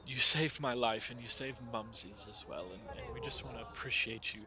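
A man's voice: mid-range voice, normal speed, crowd noise, lightly acted. A man voicing a grateful male traveler who stammers out his heartfelt thanks. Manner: stammering, earnest.

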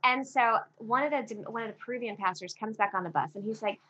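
A woman co-hosting a casual chat, telling a lively story and acting out what people said. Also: a little high, fast, breathy edge. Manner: animated storyteller, acts out quotes. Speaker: podcast co-host. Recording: slightly dull audio with faint background noise.

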